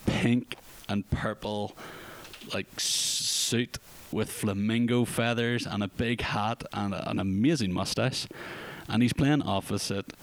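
A man's voice: fairly low pitch, fairly even intonation, slow. Rambling, jokey man. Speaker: podcast co-host. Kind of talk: casual film chat.

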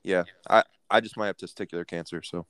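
A man's voice: deep voice, fairly even intonation, fast talker, a bit bright, a little hiss or hum. A young man co-hosting a casual podcast, joking crudely and swearing freely. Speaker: podcast co-host.

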